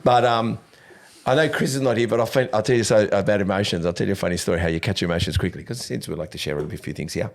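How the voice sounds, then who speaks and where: A man hosting a podcast, telling stories in a lively casual way and swearing freely. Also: lowish voice, very fast, gravelly. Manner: animated storyteller, swears casually, laughs often. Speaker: podcast host.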